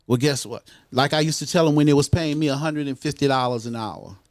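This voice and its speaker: A man's voice: a little high, fast, dry recording, clean studio sound. An older man, a guest in a casual interview, talking bluntly and swearing often. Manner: blunt, swears a lot, street talk.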